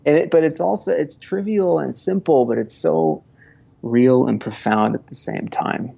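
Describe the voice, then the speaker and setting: A man's voice: medium pitch, steady tone, moderate pace, creaky, dark tone, slightly rough, muffled recording. A man in his thirties from Montana, a podcast guest talking casually, rambling with many restarts and frequent laughs. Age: 30s. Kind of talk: casual conversational interview.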